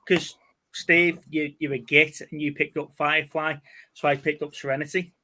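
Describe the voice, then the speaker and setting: A man's voice: fairly high pitch, flat delivery, normal speed, bright, forceful tone. A man hosting a casual chat about things he picked up, rambling and laughing easily. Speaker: host.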